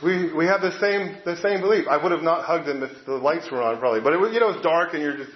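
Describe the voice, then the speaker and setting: A middle-aged man preaching a sermon as pastor, conversational and halting, with many fillers and restarts. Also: fairly high pitch, a little hiss or hum. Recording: echoey, dull lo-fi room sound.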